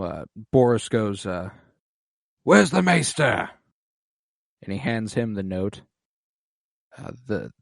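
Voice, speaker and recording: A man's voice: on the low side, darkish tone, no echo. A man co-hosting a podcast who retells scenes in loose, profane casual chat. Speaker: podcast co-host.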